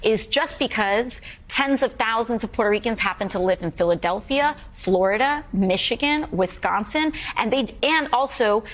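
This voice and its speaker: A woman in politics, making a statement in a fast, run-on delivery. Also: a little high, animated, a bit bright. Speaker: congresswoman. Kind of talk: political speech.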